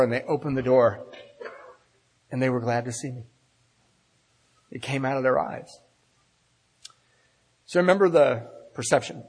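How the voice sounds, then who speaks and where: A man's voice: fairly high pitch, breathy edge, big-room sound. A man giving a talk at a recovery meeting, telling his story to a large audience and acting out the voices of the people in it. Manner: animated storyteller, acts out voices.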